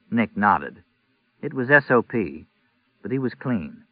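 A man narrating a novel in a measured, even reading. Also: fairly low pitch, no room sound. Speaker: audiobook narrator. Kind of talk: scripted narration. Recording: tinny narrow-band audio, dry.

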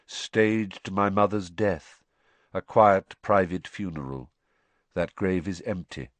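A dazed young man, as a male narrator puts him on, speaking in a flat, expressionless monotone. The voice sits low and hollow, recorded dry and close. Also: slow pace, no room sound.

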